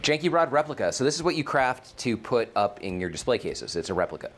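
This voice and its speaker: A man's voice: medium pitch, big pitch swings, fast, a little hiss or hum. A man hosting a casual gameplay livestream, rambling and thinking aloud, often correcting himself mid-sentence. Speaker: streamer, game host.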